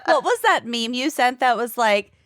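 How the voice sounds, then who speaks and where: A young woman co-hosting a podcast, her slightly high voice swinging up and down as she teases her friends. She laughs easily, and the recording is dry and close, with no room sound. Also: lively intonation, normal speed, a bit bright, no echo. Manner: playful, teasing, laughs easily. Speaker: podcast co-host. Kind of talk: casual chat.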